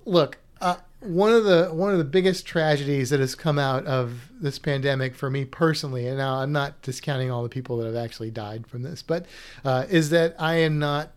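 A man's voice: medium pitch, fairly quick, clear, resonant tone. A man co-hosting a podcast in casual chat, rambling and restarting his sentences as he reads listener comments. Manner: chatty, rambling with many restarts. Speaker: podcast co-host.

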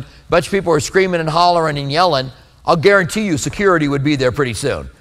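Earnest male preacher, slightly high voice. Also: fairly bright tone. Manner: earnest, conversational preaching with scripture readings. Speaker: pastor. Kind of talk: sermon.

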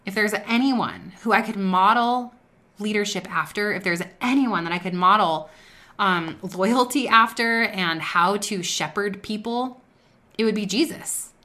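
A woman's voice: mid-range voice, a little slow, pushed and bright. A woman hosting a faith-based business talk, speaking earnestly and conversationally and sharing personal stories. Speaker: podcast host.

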